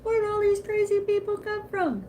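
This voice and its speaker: A woman chatting on a live stream in a rambling, excitable way, greeting viewers as she talks. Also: extremely high pitch, moderate pace, noisy background. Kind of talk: casual live-stream chat.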